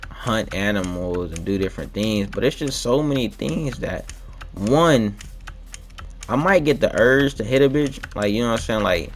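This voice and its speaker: Young man, low voice, rambling, slangy, laid-back, late-night gaming chat, keyboard clicks behind. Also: slight background noise. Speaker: gaming vlogger.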